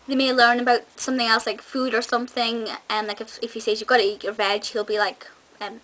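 A woman's voice: fairly high pitch, steady tone, brisk, a bit bright, rough recording. A young woman chatting enthusiastically to camera in a casual review, with frequent ums and restarts. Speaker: video reviewer.

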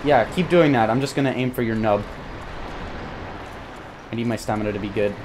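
Young guy cursing his way through a hard game, mutters then yells, faint noise behind. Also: medium pitch, fairly quick. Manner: frustrated, swearing, muttering, bursts of yelling. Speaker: gaming YouTuber. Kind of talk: profane live gameplay commentary.

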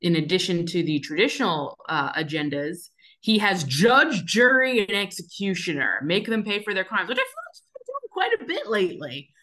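A woman playing in a tabletop game, introducing her character in a relaxed, meandering way. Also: medium pitch, normal speed. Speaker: player.

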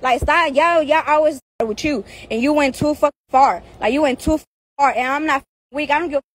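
A woman's voice: sits high, a little fast. A woman outdoors, venting to her followers in a heated, profane, repetitive rant. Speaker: social media personality.

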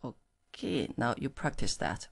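A woman whose first language is Mandarin Chinese, teaching pinyin in English and slowly modelling tones for the learner to repeat. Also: a bass voice, sing-song. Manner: slow, clearly modelled syllables. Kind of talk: language lesson with tone drills.

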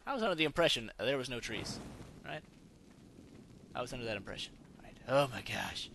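Excitable man doing game commentary. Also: medium pitch, brisk, vocal fry, a little hiss or hum. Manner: excitable, panicky outbursts, jokey. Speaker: gaming YouTuber. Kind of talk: casual let's-play commentary.

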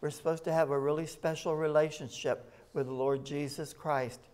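A man's voice: a little high, steady tone, moderate pace, darkish tone, clean tone. Man preaching a sermon. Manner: conversational preaching, reads scripture aloud with rising emphasis. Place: rescue mission chapel.

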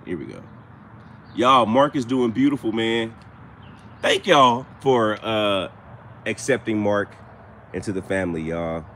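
A man hosting a casual live stream while walking through a cemetery, chatting with viewers and giving them shout-outs, recorded outdoors on a handheld phone. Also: lowish voice, fairly even intonation, unhurried, slight background noise. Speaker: paranormal show host, live streamer. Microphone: handheld phone camera.

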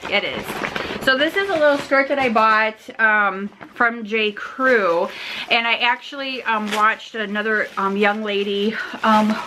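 A woman vlogger chatting casually as she opens fan mail, gushing and excited, rambling with fillers. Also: on the high side, unhurried, background noise.

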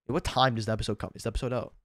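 A man's voice: medium pitch, fairly even intonation, very fast, dry recording. A tired young man rambles through an unedited home vlog, swearing freely and putting himself down. His voice sits in an average range, and the recording is dry and close with almost no room sound. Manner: rambling, heavy cussing, self-deprecating. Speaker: YouTuber. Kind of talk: casual unedited vlog chat.

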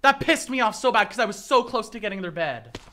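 High, animated young male streamer. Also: fairly quick. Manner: excitable, dramatic reactions and playful teasing of chat. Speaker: game streamer. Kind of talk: casual gaming stream chatter.

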